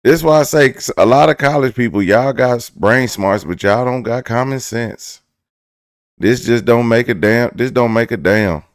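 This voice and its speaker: A man's voice: mid-range voice, moderate pace, dry recording, clean studio sound. A man hosting a casual commentary video, chatting in slang and firing off rhetorical questions to his viewers. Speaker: host.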